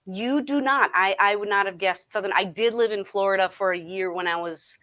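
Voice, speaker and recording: A woman's voice: mid-range voice, brisk, pushed and bright. A woman from Wisconsin, a guest on a casual podcast, chatty and upbeat with hesitant fillers. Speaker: podcast guest, improv comedian and painter. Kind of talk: casual interview chat.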